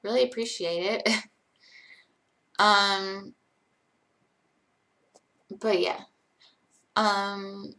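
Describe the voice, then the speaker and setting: A woman's voice: mid-range voice, vocal fry, pushed and bright. Tired young woman rambling on a live stream. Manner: rambling, self-deprecating, reading chat aloud. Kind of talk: casual live-stream chat.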